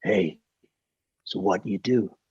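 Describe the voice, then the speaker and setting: A man imitating a gruff older male film director with a low American drawl, inside a story. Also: unhurried, a little mellow, no room sound, muffled recording, full character voice. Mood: curious.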